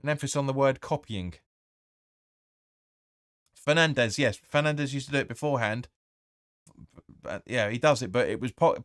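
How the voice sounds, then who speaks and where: A man's voice: medium pitch, expressive, normal speed, pauses often, no echo, clean studio sound. A man hosting a live match watch-along, giving blunt, opinionated commentary with swearing and reading viewer comments aloud. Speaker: fan channel host.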